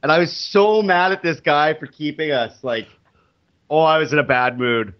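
A man who is a teacher, telling a story in casual chat, animated and acting out the people he quotes. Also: fairly high pitch, normal speed, muffled recording.

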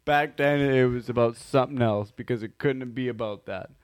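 A man's voice: mid-range voice, normal speed, clean tone. A man chatting casually as podcast host, blunt and emphatic. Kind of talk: casual chat.

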